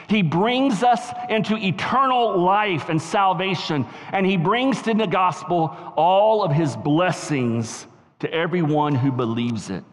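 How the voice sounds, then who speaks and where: A middle-aged man with a Southern US accent preaching a sermon as pastor, telling a story and swinging from soft asides to emphatic shouts. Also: fairly high pitch. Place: church sanctuary. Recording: reverberant church hall.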